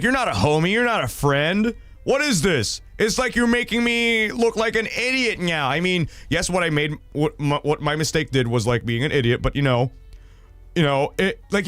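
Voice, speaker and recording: A young man with a fairly high voice chats through a casual stream, animated and swearing freely as he rambles along. His voice sounds close and dry, with faint music playing behind him. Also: moderate pace, no echo. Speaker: streamer reading viewer stories. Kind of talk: casual livestream chat.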